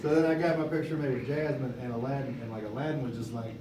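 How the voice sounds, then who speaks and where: A man's voice: mid-range voice, fast talker. A young man moderating a convention panel, telling a casual anecdote with frequent laughter. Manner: animated storyteller, laughing often. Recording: echoey room, distant mic, background noise.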